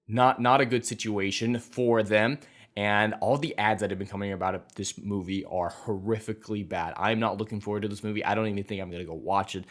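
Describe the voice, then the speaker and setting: A man hosting an opinionated commentary vlog, talking in an emphatic, sarcastic and indignant way. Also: lowish voice. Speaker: commentary channel host.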